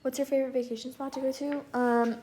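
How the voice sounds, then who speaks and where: A woman's voice: high voice, little pitch movement, quick pace, warm tone, a little hiss or hum. A young woman chatting casually on a livestream, burping and apologizing, then telling viewers to deal with it. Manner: burps often and keeps apologizing, then defiant.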